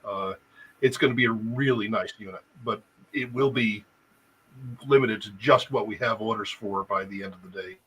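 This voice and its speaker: A male guest in a casual live-stream chat, telling his story in a lively way with chuckles. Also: lowish voice, moderate pace, slight background noise, low-quality recording.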